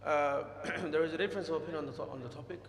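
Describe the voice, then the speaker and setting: A man teaching an Islamic lesson to a class, animated and scolding, acting out quotes and taking questions. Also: on the high side, rapid-fire. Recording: echoey hall, long reverb.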